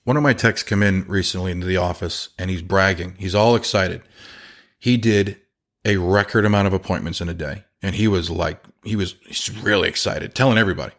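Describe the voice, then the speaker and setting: A man's voice: sits low, brisk. A man who runs a chimney sweep company, talking casually on a podcast and acting out the people in his stories. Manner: animated storyteller, acts out quotes.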